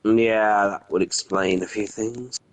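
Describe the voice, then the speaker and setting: A man's voice: fairly low pitch, steady tone, slow pace, no room sound, low-quality recording. A man co-playing a farming game on a stream, laid-back and answering in short agreeing replies. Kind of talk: casual gameplay chat.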